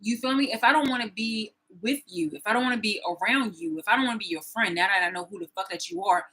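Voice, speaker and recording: A woman's voice: medium pitch, quick pace, bright, forceful tone, slightly rough, poor audio. A woman in her thirties delivering a profane, confrontational personal rant to the camera, repeating herself as she goes. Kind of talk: angry personal vlog rant.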